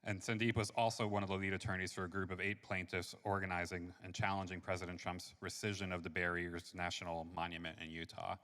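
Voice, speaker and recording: A man hosting an event, reading a guest's bio with admiring asides. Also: low voice. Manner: warm, admiring, reads then ad-libs. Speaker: event host. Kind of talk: reading an introduction. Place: church. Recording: reverberant church hall.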